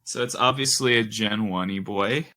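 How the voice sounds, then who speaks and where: Man, bright sharp voice, casual podcast talk, rambling thinking aloud. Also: lowish voice, normal speed. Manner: thinks aloud with many fillers. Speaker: podcast host.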